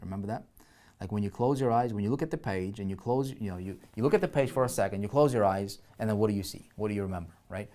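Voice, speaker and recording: Speaking at a quick pace in a lowish, mellow voice, a man teaches online marketing through a screen-share walkthrough. He thinks out loud, keeps checking in with his audience, and often restarts or repeats his words.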